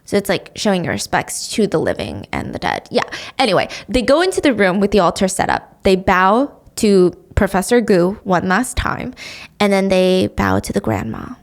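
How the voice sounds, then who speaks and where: A young adult woman hosting a podcast, recapping a drama plot in a chatty, expressive way with casual swearing. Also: medium pitch, moderate pace. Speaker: podcast host.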